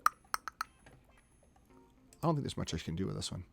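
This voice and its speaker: A man talking casually on a live stream as he edits photos, narrating each step aloud in a chatty way. His pitch swings widely as he goes, with faint music playing behind him. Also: big pitch swings, gravelly, pushed and bright, slightly rough. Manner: chatty, talks himself through each step, quick laughs.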